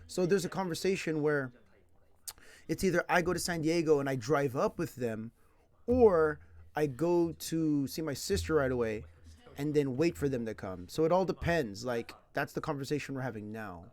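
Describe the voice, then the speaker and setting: A man from California, an English teacher, chats through his stories in a light, somewhat high voice. He talks in slang and laughs as he goes. The telling is loose and animated. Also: moderate pace. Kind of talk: casual storytelling.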